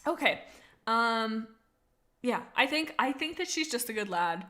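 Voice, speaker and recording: A woman's voice: fairly high pitch, measured pace. A young woman streaming casually, chatting with her viewers and gushing about characters she loves. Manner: gushing, excitable, reads chat aloud. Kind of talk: casual live-stream chat.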